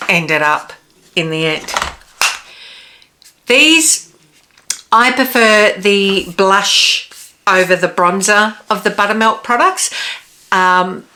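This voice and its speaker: Slow-talking woman with a bright voice. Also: fairly low pitch. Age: 40s. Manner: chatty, practical tips given directly to viewers. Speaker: beauty vlogger. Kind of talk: casual makeup review.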